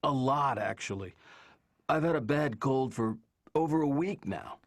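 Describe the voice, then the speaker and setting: Male patient with neck pain, plain mid-pitched voice, dry studio sound, textbook audio. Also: expressive, a little slow, no echo. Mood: weary. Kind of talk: recorded textbook dialogue.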